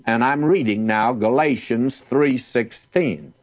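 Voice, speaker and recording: Slow-talking man teaching the Bible. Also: mid-range voice, expressive, no room sound, muffled recording. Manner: slow, reads scripture aloud with emphasis.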